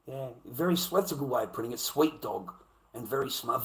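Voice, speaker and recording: A middle-aged man with an Australian accent holds forth on his own livestream. He swears constantly, circles back over the same points, and his voice sits at an ordinary middle pitch. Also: expressive, fairly quick, gravelly, rough recording. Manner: profane, rambling, repeats himself. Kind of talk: casual livestream rant.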